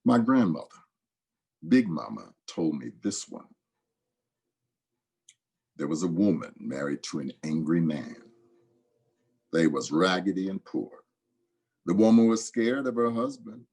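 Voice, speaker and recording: A man reading folk tales aloud in a dramatic, expressive storytelling manner. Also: sits low, a little slow, creaky, pauses often, slightly rough.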